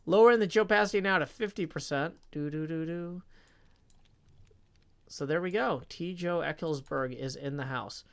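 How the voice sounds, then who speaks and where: A man's voice: a little high, moderate pace, creaky. A man live-streaming a game, chatting casually, reading out tips and counting blocks under his breath.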